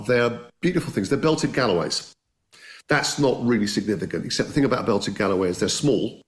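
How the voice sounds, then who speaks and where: A man telling anecdotes as an interview guest, enthusiastic and conversational, often restarting his sentences. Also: lowish voice. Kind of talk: anecdotal storytelling.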